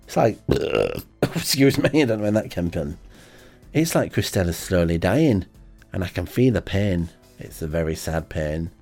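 Low-ish guy rambling deadpan on his little radio show, lots of ums, faint music under him. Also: measured pace, creaky. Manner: hesitant, deadpan, full of ums. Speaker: amateur radio show host. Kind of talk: rambling comic monologue.

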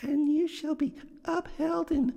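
A man voicing a gentle, mild ghost in a slow, drawn-out falsetto for a read-aloud story. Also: little pitch movement, gravelly, heavily acted. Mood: solemn. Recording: long hall reverb.

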